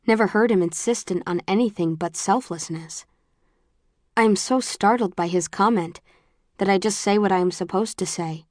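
A woman narrating a first-person story as an audiobook reader, in a measured, even storytelling manner. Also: mid-range voice, dry recording, studio quality.

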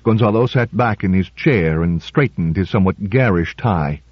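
A man narrating a story in a measured storytelling voice. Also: low voice, slightly rough, dry recording. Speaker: audiobook narrator. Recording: dull lo-fi recording.

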